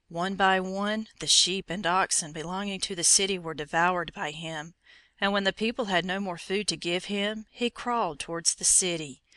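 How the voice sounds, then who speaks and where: A woman reading an old fairy tale aloud in a measured, expressive storytelling manner. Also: fairly low pitch, dry recording. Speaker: narrator.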